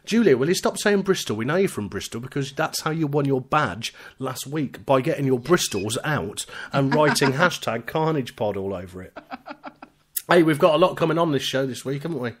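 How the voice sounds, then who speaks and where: Bantering British podcast host, teasing. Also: male voice, medium pitch, brisk. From United Kingdom. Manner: lively, teasing banter reading out chat messages. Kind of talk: live podcast chat.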